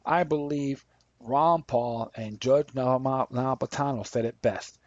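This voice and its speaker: A man's voice: mid-range voice, measured pace, no echo. A man hosting a podcast, giving rambling, impassioned political commentary and reading articles aloud. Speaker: podcast host. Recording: dull lo-fi dry recording.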